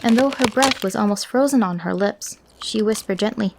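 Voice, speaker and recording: A woman narrates an old fairy tale with gentle, expressive delivery. Her voice sits at an ordinary middle pitch. She reads in a calm storybook manner. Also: moderate pace, vocal fry, noisy background.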